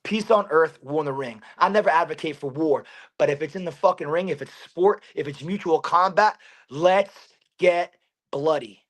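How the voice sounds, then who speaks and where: A high-voiced man talking as a guest fighter on a podcast. He speaks with raw intensity and a steady stream of profanity, driving his points home with repetition. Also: moderate pace. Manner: intense, profane, rising to a pumped-up rant. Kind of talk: fired-up podcast interview.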